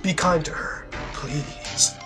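Guy doing a stern cold dad voice, deep and draggy, solemn, game music faint behind. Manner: slow, deep, solemn delivery. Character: stern, cold middle-aged father, a doctor.

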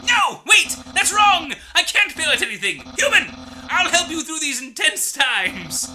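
A man voicing a boastful, excitable skeleton character, making loud theatrical proclamations while reading game dialogue. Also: very high-pitched, unhurried, voice pushed up, heavily acted, poor audio. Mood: rallying.

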